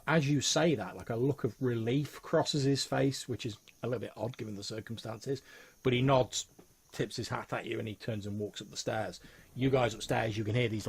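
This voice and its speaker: A man's voice: mid-range voice, moderate pace, darkish tone, a little hiss or hum. A man narrating a tabletop role-playing game as game master, in a casual, filler-heavy way.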